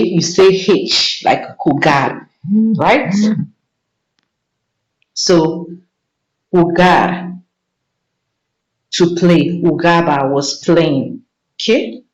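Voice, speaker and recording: A woman leads a vocabulary lesson, speaking slowly and repeating each word patiently for her learners. Her voice sits at a middle pitch. It sounds roomy and echoey, with a dull, lo-fi recording. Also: a little mellow. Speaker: Spanish teacher.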